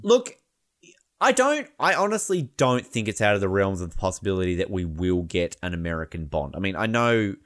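A man's voice: deep voice, sing-song, a little fast, a bit bright. An Australian man co-hosting a podcast, chatting casually in a rambling way and laughing often. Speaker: podcast co-host. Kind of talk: casual chat.

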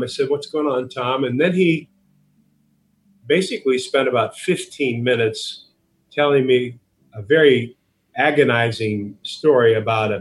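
A man's voice: mid-range voice, rough recording. Earnest man telling a ministry story. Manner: earnest, preacherly, repeats words when starting sentences. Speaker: author and guest. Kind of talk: podcast interview, storytelling.

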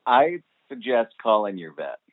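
A man's voice: fairly low pitch, very animated, unhurried. A man co-hosting a podcast in casual chat, wry and laid-back with dry jokes. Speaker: podcast co-host. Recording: tinny phone-like line.

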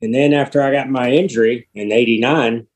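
An easygoing man in his sixties with a Texan drawl, speaking at an ordinary middle pitch. He talks casually as an interview guest and often stops and restarts his sentences. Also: steady tone, poor audio. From Texas. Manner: easygoing, halting with fillers and restarts. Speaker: guest, retired motorcycle racer.

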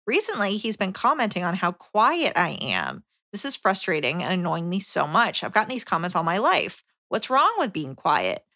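Young woman cohost, bright voice, calm and wry, dry mic. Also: mid-range voice, dry recording. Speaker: podcast co-host. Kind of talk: casual chat, reading a listener letter.

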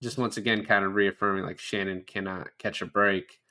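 Animated man swearing through a film chat. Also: fairly low pitch, brisk. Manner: animated, swears often, acts out quoted lines. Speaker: podcast co-host. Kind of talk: casual film discussion.

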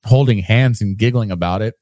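A man's voice: lowish voice, fairly quick, dark tone, no room sound. A man, co-hosting a casual chat, teasing and swearing freely. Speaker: co-host. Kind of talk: casual banter.

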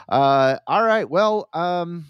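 A man's voice: medium pitch, dry recording, highs cut off. A congested man hosts a podcast in a loose, rambling way, often stopping to correct himself. His voice is nasal and stuffed up, and the sound is close and dry with no room around it. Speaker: podcast host. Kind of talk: casual podcast chat.

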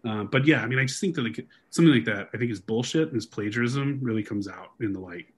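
A young man hosting a casual podcast, walking his co-host through research in an animated, rambling way full of fillers. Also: mid-range voice, quick pace, breathy edge. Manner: animated storyteller, frequent fillers and restarts.

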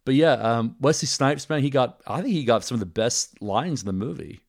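A podcast host chats casually and enthusiastically, rambling and restarting his sentences often. He speaks at a moderate pace with a medium pitch and lively intonation.

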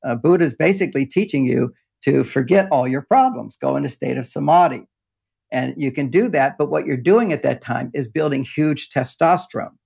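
A man's voice: mid-range voice, animated, moderate pace, gravelly, a little mellow, husky. An older man talking in a rambling, explanatory way in a casual interview, often breaking into laughter, speaking from an underground home office. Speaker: relationship author and guest.

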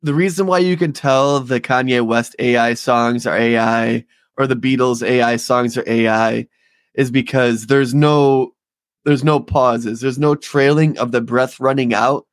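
A man's voice: mid-range voice, fairly even intonation, a little slow, no room sound. A man with an ordinary mid-range voice, co-hosting a casual podcast. He rambles and leans on lots of fillers. The sound is dry and close to the mic. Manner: rambling, filler-heavy, talkative. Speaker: podcast co-host. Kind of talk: casual political podcast chat.

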